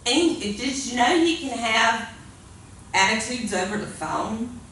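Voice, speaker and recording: A woman's voice: a little high, lively intonation, takes it slowly, a bit bright. A woman preaching a sermon in an earnest, conversational way, often repeating her phrases. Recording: echoey room, far from mic, faint hiss.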